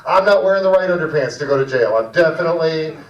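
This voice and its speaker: A man's voice: on the high side, animated, quick pace, distant mic. A man hosting a comedy night, talking in a rambling, casual way with lots of fillers. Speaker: comedy show host. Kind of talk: stand-up set. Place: small cafe comedy room. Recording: dull, echoey room from afar.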